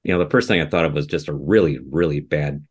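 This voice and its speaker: A very low-voiced man from the Midwest, chatting casually as a podcast co-host. He talks in a self-deprecating way and often stops and restarts his sentences. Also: quick pace, husky. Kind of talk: casual chat.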